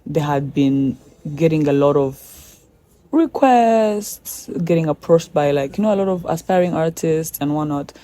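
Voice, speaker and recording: Female guest, mellow voice, animated storyteller who quotes herself in conversation. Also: low voice, unhurried.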